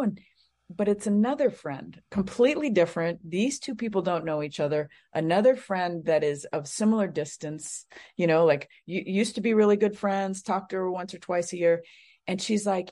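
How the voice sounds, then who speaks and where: With a brisk delivery and a mid-range, slightly mellow voice, a psychic medium tells a personal story as a guest on an interview show. She is middle-aged and speaks casually, wandering off on asides and using many fillers.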